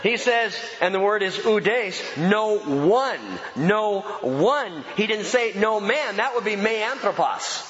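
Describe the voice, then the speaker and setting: A man preaching a sermon as pastor, emphatic and animated, repeating key phrases for effect. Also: high-pitched, a little slow, few pauses, slight background noise. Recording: dull sound with long hall reverb.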